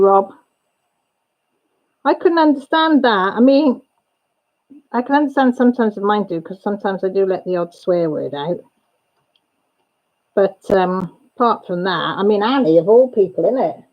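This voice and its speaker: A woman's voice: fairly high pitch, highs cut off. A woman hosting a livestream, chatting casually and gossipily with viewers and laughing often. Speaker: livestream host. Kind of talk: casual chat with live viewers.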